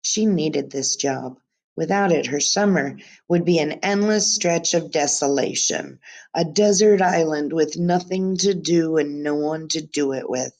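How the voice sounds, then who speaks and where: A woman teacher reads a book aloud to her class through a webcam and drops chatty remarks in between. Her voice sits a little low, and the sound is plain home webcam audio. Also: unhurried, a little mellow. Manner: chatty asides to students.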